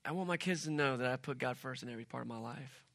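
A middle-aged man as pastor, preaching a sermon in an animated, conversational way with personal stories and side remarks. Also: mid-range voice, fast, creaky, dry recording.

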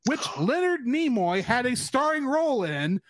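A man with a high voice hosts a casual podcast chat. He explains references and recaps scenes in a steady, talkative way, with a dry close sound. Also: normal speed, dry recording. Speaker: podcast host.

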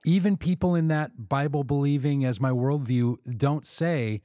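Give me a podcast co-host with a warm, relaxed voice recorded dry and close. He argues his point in loose, casual talk and throws in mock voices for the people he quotes. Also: mid-range voice, moderate pace, hardly any pauses, dry recording. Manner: argumentative, acts out quoted speakers in mock voices. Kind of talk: casual political discussion.

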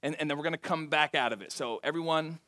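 Guy preaching a sermon, pretty high voice, emphatic, keeps restarting and asking the congregation stuff. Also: fast talker, bright, forceful tone. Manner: emphatic, with frequent restarts and rhetorical questions to the congregation. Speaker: pastor.

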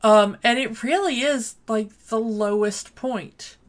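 A podcast co-host, a woman with a fairly high voice, speaks slowly and hesitantly with many fillers during a casual film discussion.

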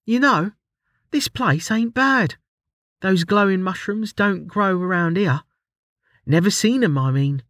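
A man's voice: sits high, takes it slowly, long pauses, a bit bright, dry recording, studio quality, voice pushed up. A man voicing a blunt female adventurer who talks in coarse slang. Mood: gruff cheerful. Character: rough cheerful female adventurer.

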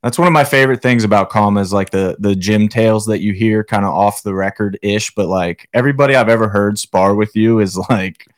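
A man's voice: lowish voice, fairly quick, hardly any pauses. A man hosting a casual podcast, easygoing and asking questions between laughs. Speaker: podcast host.

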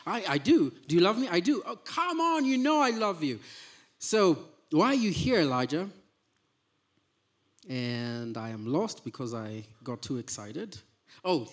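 A man preaching a sermon, reading scripture and then explaining it in a conversational way, often restarting his sentences. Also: high voice. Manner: conversational, with frequent restarts and stammers. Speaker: pastor.

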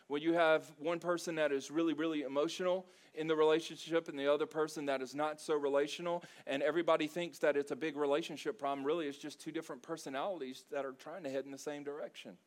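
A middle-aged pastor from South Louisiana, preaching with animated, emotional energy and a touch of humor. His voice sits a bit higher than most men's. He tells his stories with lots of feeling. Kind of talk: sermon.

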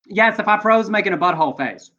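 A man co-hosting a casual live internet show, telling jokes and stories with lively energy. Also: high voice, fast talker, dull audio. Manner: animated, joking storyteller. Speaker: co-host.

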